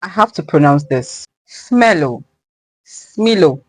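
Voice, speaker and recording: A reaction host giving casual commentary, slowly sounding out unfamiliar words. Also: medium pitch, lively intonation, no room sound, rough recording. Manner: slow, tries out words aloud.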